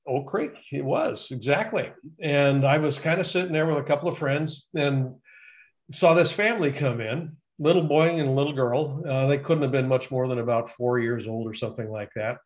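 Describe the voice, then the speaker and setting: A man's voice: medium pitch, moderate pace. A man hosting a conversational interview, musing aloud and asking long, winding questions. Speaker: host.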